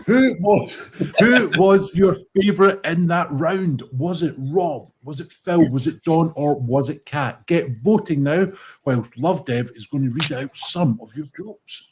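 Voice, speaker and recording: A British man hosting a comedy pun show over a video call, briskly moving the rounds along. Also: a little high, a little mellow, slight background noise. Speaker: host.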